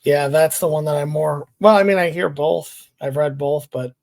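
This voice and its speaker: A man co-hosting a podcast, chatty and quick to laugh while telling anecdotes. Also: on the high side, creaky, no room sound. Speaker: podcast co-host. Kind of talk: casual podcast chat.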